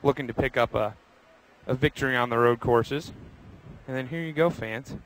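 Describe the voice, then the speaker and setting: A man's voice: medium pitch, normal speed, slight background noise, rough recording. A young man hosting a live walking tour of a racetrack garage, chatty and upbeat, speaking to viewers by name while he walks outdoors. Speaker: host.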